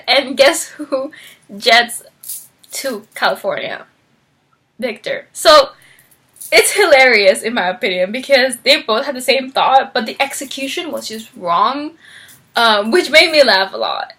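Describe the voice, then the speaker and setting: A young woman reviewing a romance novel in a casual vlog, bubbly and animated, acting out characters' lines and laughing often. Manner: bubbly, acts out characters' lines with big pitch jumps; frequent fillers and laughter. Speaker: book vlogger.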